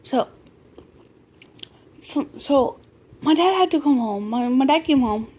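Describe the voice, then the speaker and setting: A woman in her early twenties telling a personal story to her camera late at night at home, excitable and animated, often restarting her sentences. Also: sits high, slow pace, slight background noise. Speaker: vlogger. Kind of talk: casual storytelling vlog.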